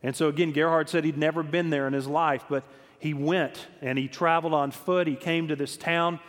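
A man with a fairly high voice delivers a sermon from the pulpit, pressing each point with emphasis and circling back on his words as he tells stories. His voice rings out with a long reverb, as in a large church sanctuary. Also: fairly even intonation, moderate pace. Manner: emphatic storytelling with repeated words. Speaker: preacher.

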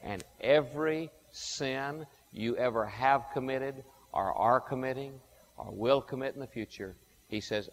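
A male pastor preaching a sermon in a church, asking the congregation questions and stressing key words slowly. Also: mid-range voice. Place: church sanctuary. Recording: long hall reverb.

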